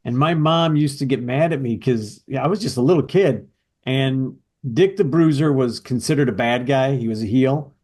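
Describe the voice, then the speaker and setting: Podcast co-host, man, middle pitch, eager storyteller. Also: moderate pace, darkish tone. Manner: enthusiastic, nostalgic storytelling. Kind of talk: casual podcast chat.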